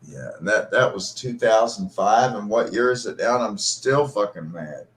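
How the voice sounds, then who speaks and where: Low male voice, middle-aged host, swearing, raw emotional story. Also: expressive, moderate pace. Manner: profane, emotional and bitter storytelling. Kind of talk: casual storytelling on a live stream.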